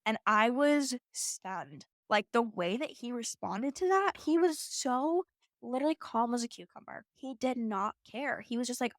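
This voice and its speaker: A woman's voice: on the high side, moderate pace, no room sound, studio quality. A young woman in her twenties hosting a podcast, telling a personal story in a casual, chatty way full of "like" fillers. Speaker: podcast host.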